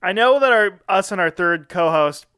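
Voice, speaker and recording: A man's voice: sits high, lively intonation, moderate pace, sharp tone, clear, resonant tone, no room sound, clean studio sound. A man co-hosting a satirical comedy podcast, speaking in a mock-earnest, sincere tone and laughing often at his own lines. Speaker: podcast co-host.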